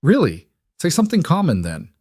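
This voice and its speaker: Brief: man doing a young storybook seamstress, lifted voice, brisk and teasing, dry close sound. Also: a little high, wildly swooping pitch, darkish tone, breathy edge, no echo, voice pushed up, heavily acted. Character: young woman, poor brave quick-witted seamstress.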